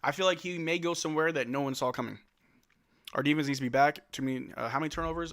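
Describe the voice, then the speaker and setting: Bright-voiced male stream commentator. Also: a little high, fast. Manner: reads chat questions aloud and answers them; loud excited outbursts at big plays. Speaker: livestream host doing play-by-play. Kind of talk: casual watch-along commentary.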